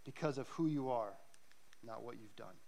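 A man's voice: mid-range voice, normal speed, gravelly, darkish tone. A man preaching a sermon to a church congregation, earnest and emphatic, telling stories to make his points. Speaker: pastor. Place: church service.

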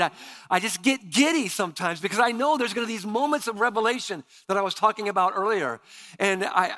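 A middle-aged man preaching a sermon in a church, telling stories animatedly with stammered restarts and dropping to a hushed low voice for emphasis. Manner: drops to a quiet low voice for emphasis. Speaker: pastor. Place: church sanctuary.

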